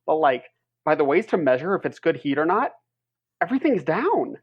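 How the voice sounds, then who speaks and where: A man's voice: fairly high pitch, very animated, normal speed, slightly rough, highs cut off. A man co-hosting a wrestling podcast in a casual chat, ranting heatedly and swearing as he talks.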